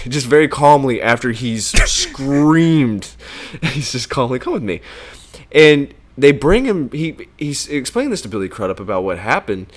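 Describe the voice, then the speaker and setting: A man co-hosting a casual film podcast, animated and profane, acting out movie lines as he talks. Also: mid-range voice. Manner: animated, swearing, acts out movie lines in bursts. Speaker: podcast co-host.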